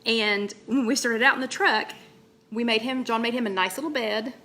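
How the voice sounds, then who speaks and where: A woman's voice: fairly high pitch, normal speed, sharp tone. A woman hosting a casual live-stream chat, rambling and greeting viewers mid-sentence. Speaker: host of a weight-loss chat livestream.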